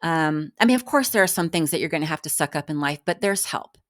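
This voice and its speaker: A woman's voice: low-pitched, expressive, quick pace. A woman in her fifties talking frankly in a personal vlog, chatty and exasperated, with many fillers and restarts. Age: 50s. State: exhausted. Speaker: vlogger.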